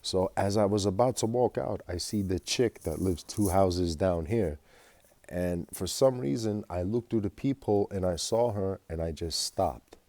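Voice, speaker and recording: A man's voice: low voice, moderate pace, dark tone, dry recording. A man telling a rambling, profane personal story in a vlog, agitated and full of fillers. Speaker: vlogger.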